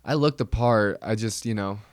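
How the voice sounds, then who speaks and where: A man's voice: on the low side, normal speed, clean tone, no room sound, clean studio sound. A man hosting a casual solo podcast, rambling, with many restarts and trailing fillers. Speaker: podcast host.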